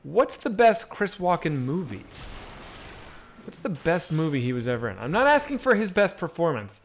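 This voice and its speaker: Male streamer, a touch higher-pitched, loose profane banter with chat while he plays. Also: big pitch swings, moderate pace. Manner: rambling, profane, chatty with viewers. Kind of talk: casual live-stream chat while gaming.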